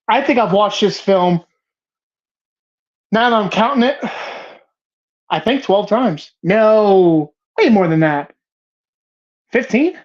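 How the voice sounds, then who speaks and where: A woman hosts a casual film show, gushing and cursing as her thoughts tumble out in restarts. Her pitch sits in an ordinary middle range. The recording has a slightly muffled, lo-fi quality. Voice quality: emphatic, profane, rambling with restarts. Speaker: host of a movie bracket show. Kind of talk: casual, passionate film talk. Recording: slightly dull lo-fi sound.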